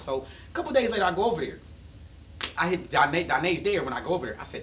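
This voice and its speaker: Animated male storyteller, restarts a lot, roomy far-off sound. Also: fairly high pitch, racing. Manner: animated, loud bursts, many restarts. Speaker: podcast guest. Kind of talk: casual storytelling chat. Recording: roomy, distant mic, faint noise.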